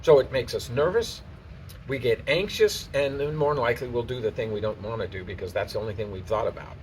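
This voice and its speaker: A man's voice: mid-range voice, fast talker. A man teaching golf outdoors on the course, explaining in a casual, plainspoken, conversational way. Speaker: golf instructor. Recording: distant mic, faint outdoor noise.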